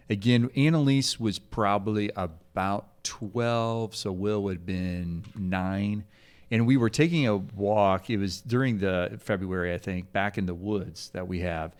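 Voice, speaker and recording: A man's voice: lowish voice, a little slow, smooth. A father in a casual podcast chat, telling a family story with laughter and restarts. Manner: animated storyteller who laughs easily. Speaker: parent guest.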